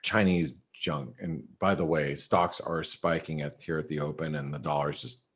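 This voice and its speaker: A low-pitched man talks through the markets in a loose, rambling way, often restarting his sentences and filling gaps with "um" and "you know". He sounds like he is on a video call mic. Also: steady tone, normal speed, slightly rough. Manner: rambling, many restarts and fillers. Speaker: market analyst host. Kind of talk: casual webinar chat.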